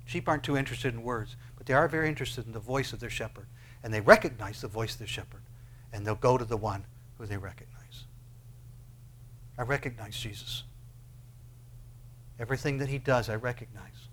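Slight background noise accompanies a pastor preaching in a mid-range voice. He keeps questioning his listeners and moves back and forth between soft, slow passages and loud, climbing ones.

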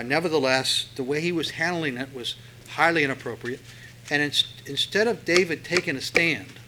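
Bright-voiced conversational male preacher. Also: medium pitch, a little hiss or hum, poor audio. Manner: conversational, storytelling, with many fillers. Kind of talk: sermon.

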